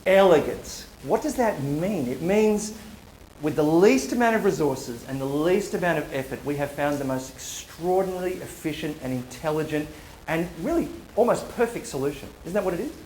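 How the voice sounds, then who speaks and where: A man's voice: a little high, expressive, normal speed, a little mellow, a little hiss or hum. A man giving a live university talk, playful and joking, firing off rhetorical questions at the audience. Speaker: public speaker. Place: university lecture hall. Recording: roomy hall echo.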